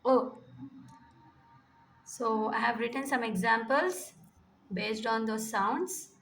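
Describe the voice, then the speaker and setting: A woman's voice: on the high side, takes it slowly, fairly bright tone, a little hiss or hum. A woman with an Indian English accent teaching phonics, sounding out letters and words one by one and repeating each. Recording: echoey room.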